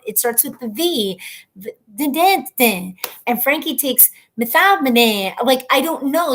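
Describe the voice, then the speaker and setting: Her voice sits high and a bit bright. She's in her thirties, hosting a laid-back home live stream where she reads viewers' comments aloud, rambles chattily, and laughs at herself.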